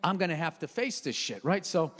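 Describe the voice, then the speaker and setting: A man's voice: fairly high pitch, big pitch swings, a little fast, fairly bright tone. A middle-aged man doing a stand-up comedy routine, profane and ranting as he mocks himself. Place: comedy stage in a large hall. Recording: live hall with reverb, faint ambience.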